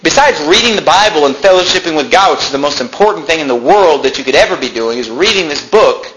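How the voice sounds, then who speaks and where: A man preaching a sermon as pastor, emphatic, swinging between loud peaks and quiet drops. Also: on the high side, lively intonation, fast, a little hiss or hum, low-quality recording.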